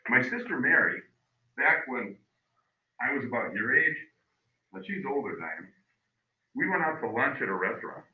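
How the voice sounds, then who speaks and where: A middle-aged male history teacher telling a story to his class, animated and acting out voices. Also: medium pitch, normal speed, long pauses. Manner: animated, acts out voices, loud bursts. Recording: phone-like, echoey, distant mic.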